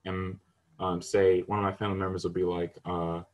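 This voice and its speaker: A young man in casual podcast discussion, telling stories animatedly and mimicking relatives in raised voices. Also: brisk. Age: young adult. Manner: animated storytelling, imitates family members in high voices. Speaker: student panelist.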